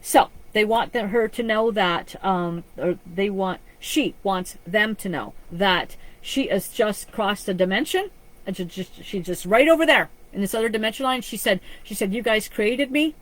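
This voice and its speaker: A woman's voice: medium pitch, expressive, normal speed, low-quality recording. A woman psychic medium giving a live-streamed reading, talking in an earnest, rambling way with frequent restarts. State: choked up with emotion.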